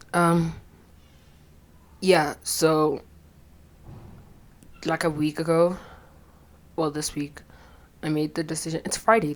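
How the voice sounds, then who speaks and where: A young woman, talking bluntly and profanely in a rambling confessional vlog, her voice a little shaky with anxiety. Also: low voice. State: anxious, voice shaky. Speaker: vlogger.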